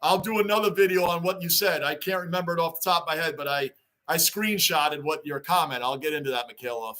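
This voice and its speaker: A man hosts a casual sports livestream, reading fan chat, greeting viewers by name and going over his points again. His voice is a little high and a bit bright, and he talks at a quick pace.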